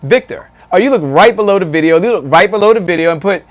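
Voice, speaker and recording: A man hosting a live stream, pitched high for a man, with a bouncy, hyped delivery. He keeps repeating phrases and throws in "man" all the time as he reads out viewer shout-outs. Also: quick pace. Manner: energetic, hype, repeats phrases; calls people "man". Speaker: show host.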